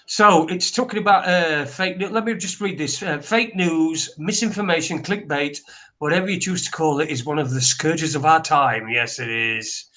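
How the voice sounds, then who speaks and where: A man's voice: on the high side, normal speed, bright, forceful tone. A man co-hosting a casual news talk show, rambling and hesitant as he reads articles aloud. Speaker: podcast co-host.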